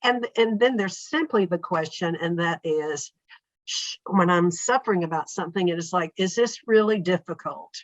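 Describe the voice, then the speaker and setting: A woman with a lowish voice speaks as a podcast guest, calm and reflective, now and then voicing her inner thoughts as quoted lines. The sound is dry, with a slightly dull, muffled quality. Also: normal speed, no echo. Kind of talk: reflective conversational interview.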